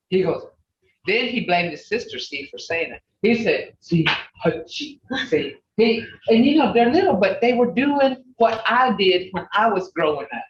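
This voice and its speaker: Older woman, language teacher, slow deliberate drilling, distant echoey call audio. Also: medium pitch, animated, slight background noise. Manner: slow, drilling syllables and laughing often. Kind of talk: online language class. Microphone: video call. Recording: dull roomy video call audio.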